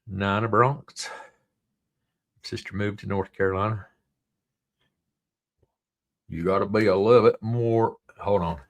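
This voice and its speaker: Male livestream host with a Southern drawl, gravelly tone, loose and rambling chat. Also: lowish voice, steady tone, a little slow, long pauses. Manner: rambling, reads viewer comments aloud.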